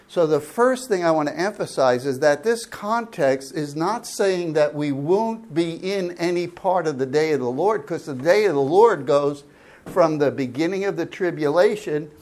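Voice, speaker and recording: A man preaching a sermon, asking the congregation questions and explaining Greek words with slow, drawn-out emphasis. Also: fairly high pitch, darkish tone. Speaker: pastor. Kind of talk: sermon Bible teaching.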